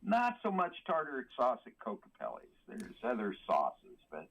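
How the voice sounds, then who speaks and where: Brief: male chef on the phone, husky, dull lo-fi line, relaxed and joking. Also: mid-range voice, moderate pace. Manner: easygoing, chatty, joking. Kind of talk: casual phone interview.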